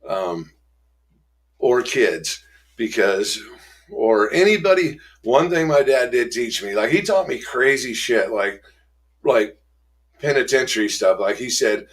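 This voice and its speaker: A middle-aged man speaking candidly about his past, his delivery plain and rough-edged. He slips into louder, higher voices when he acts out old confrontations. His pitch sits in a normal middle range. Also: animated, slow. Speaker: guest telling his recovery story. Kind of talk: candid storytelling in an interview.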